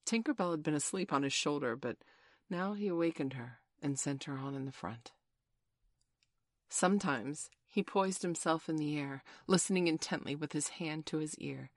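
Brief: low-pitched woman, gentle storybook narrator, dry close sound. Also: no room sound.

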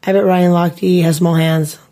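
A woman's voice: on the low side, flat delivery, a little slow, warm tone. Woman, podcast co-host, chatty, giggly, filler words, faint background noise. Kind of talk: casual banter.

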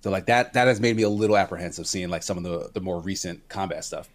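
A man with a somewhat low voice talks through his worries about a game's animations on a casual podcast. He is analytical and measured, weighing each point as he goes. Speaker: co-host.

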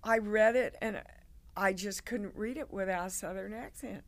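An older woman, a guest actress, telling animated stories in a casual interview and acting out the people she quotes. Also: mid-range voice, moderate pace. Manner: animated storyteller, acts out quoted voices.

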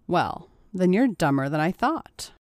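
A woman's voice: fairly low pitch, big pitch swings, unhurried, darkish tone, no room sound, studio quality. A woman voicing a teasing, bossy young woman. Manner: smirking, mocking.

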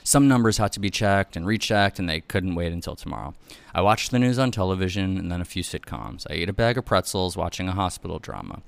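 Guy with a really low voice reading a memoir aloud, steady and measured. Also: gravelly. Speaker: audiobook narrator. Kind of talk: first-person memoir reading.

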